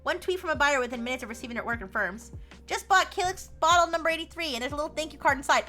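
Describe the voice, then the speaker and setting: A woman's voice: sits high, expressive, racing, pushed and bright, faint music behind. A young woman streaming live, reading posts aloud in casual commentary with sarcastic asides. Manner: reads text aloud with frequent laughs and sarcastic asides.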